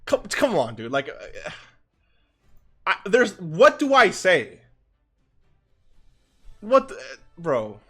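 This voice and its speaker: A young man giving excited reaction commentary on game animations, gushing and restarting his sentences, calling the viewer dude and bro. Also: high-pitched, slow pace, pauses often, breathy edge, soft background music. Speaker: gaming YouTuber.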